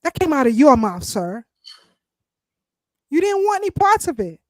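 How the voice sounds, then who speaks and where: A woman co-hosting a casual political talk show, speaking in an animated, emphatic way. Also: sits high, moderate pace, no echo. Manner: animated, emphatic, speaks of herself as party founder. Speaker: show co-host.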